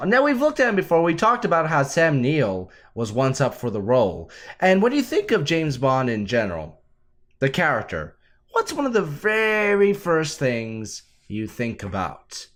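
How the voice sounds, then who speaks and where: A man hosting a casual film chat, animated and quick to laugh. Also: on the high side. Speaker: podcast host.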